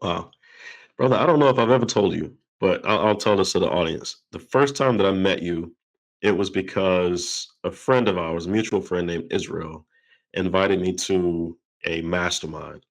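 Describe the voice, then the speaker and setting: Deep-voiced man telling an animated story. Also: normal speed, low-quality recording. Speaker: podcast host. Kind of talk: conversational interview.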